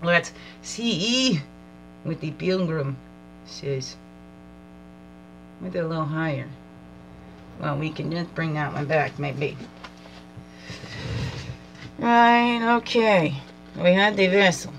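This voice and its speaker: Woman spiritual guide, unhurried card reading, repeats lines to herself, lowish voice. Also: creaky, faint music behind, rough recording. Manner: slow, reflective, repeats lines aloud, soft laughs and asides. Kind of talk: slow spiritual card reading with musing asides.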